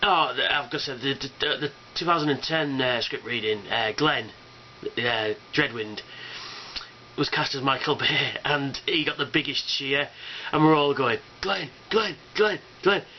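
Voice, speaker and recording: A man's voice: medium pitch, steady tone, normal speed, muffled recording, a little hiss or hum. Enthusiastic man with a rambling delivery. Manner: enthusiastic, sweary, full of fillers. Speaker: fan convention vlogger. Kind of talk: casual rambling video response.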